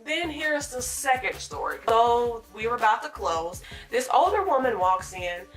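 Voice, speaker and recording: A woman recounting a day at her retail job in a storytime vlog, animated and dramatic, acting out what people said. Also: on the high side, measured pace, soft background music. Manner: animated, dramatic retelling with acted-out quotes. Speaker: retail store worker.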